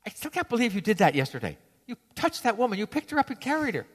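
A self-righteous monk played by a preacher scolds in a raised, strained voice, repeating his accusations. His tone is high and high-strung. A long hall echo trails every word. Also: wildly swooping pitch, quick pace, husky, full character voice. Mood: accusing. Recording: reverberant hall.

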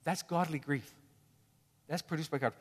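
A man's voice: a little high, moderate pace, long reverb tail. A male pastor preaching a sermon in an earnest, conversational way, often restarting phrases.

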